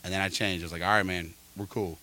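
A middle-aged man, a podcast host, telling an animated story in casual chat and quoting people back and forth. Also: sits low, quick pace.

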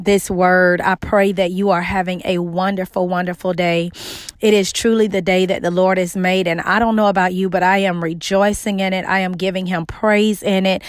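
A woman's voice: medium pitch, no room sound. A woman hosting a devotional podcast, preaching with exuberant, emphatic repetition and speaking straight to her listeners. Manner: exuberant, emphatic, repeats herself for effect; talks directly to listeners as y'all. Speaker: podcast host and ministry co-founder.

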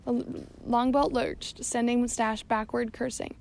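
A woman narrating an audiobook in a steady reading voice. Her pitch sits somewhat high with noticeable vocal fry, and she now and then stumbles and corrects herself. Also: moderate pace, a little hiss or hum. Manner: steady reading with occasional slips and self-corrections. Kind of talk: scripted narration.

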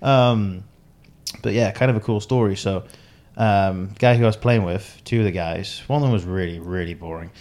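A man's voice: fairly low pitch, normal speed, darkish tone. A young man telling a rambling story on a casual podcast, laughing often and acting out what people said. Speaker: podcast co-host.

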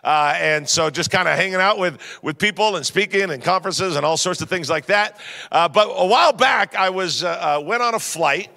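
A man's voice: sits high, normal speed, gravelly. A man, an upbeat pastor joking through a sermon in a church hall. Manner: upbeat, joking, lively storytelling.

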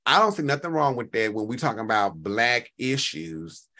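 A man, co-hosting a casual gossip chat, animated and slipping into high voices to quote people. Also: moderate pace. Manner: animated, swings pitch up when quoting others. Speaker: podcast co-host.

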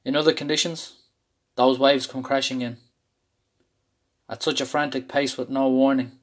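A man's voice: medium pitch, little pitch movement, moderate pace. Candid man telling a raw personal story. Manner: candid, intense, swears freely. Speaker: speaker sharing a personal story.

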